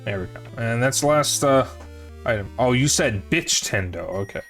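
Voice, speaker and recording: A man's voice: medium pitch, lively intonation, moderate pace, a bit bright, soft background music. A man streaming a retro game, talking casually and sarcastically to his chat while he plays. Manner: sarcastic, joking, talks to chat while playing. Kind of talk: casual gameplay commentary to chat.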